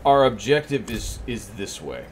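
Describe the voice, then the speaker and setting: Chatty male streamer with lively pitch. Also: measured pace. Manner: chatty, laughs and mimics characters. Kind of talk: casual gaming commentary. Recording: stream audio with loud noise.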